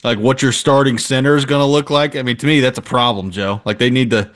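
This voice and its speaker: Male sports co-host, emphatic, opinionated, filler-heavy, mid pitch. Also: fairly even intonation, fast talker, fairly bright tone. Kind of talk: casual sports talk.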